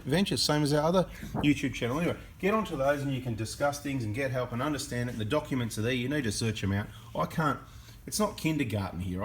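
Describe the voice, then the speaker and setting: A man with an Australian accent, hosting a diesel mechanic channel and explaining at length, emphatic and forever asking "right?" for agreement. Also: medium pitch. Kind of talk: explanatory monologue.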